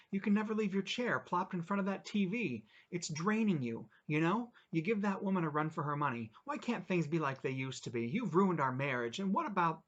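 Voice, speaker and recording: A sneering husband who berates his wife with sarcasm, pitched higher and louder than an everyday voice, as a man reads him aloud from a storybook. His scolding stays cutting and mocking. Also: dull audio.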